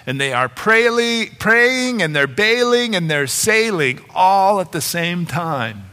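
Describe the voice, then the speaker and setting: A middle-aged male pastor preaching a sermon, retelling a story and growing animated in the dramatic parts. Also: high-pitched, slow. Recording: long hall reverb.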